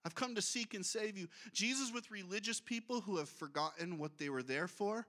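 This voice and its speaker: Male pastor, high-pitched and bright, lively conversational sermon delivery. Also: fairly quick. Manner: reads scripture aloud, then breaks off to comment; lively, conversational preaching with asides.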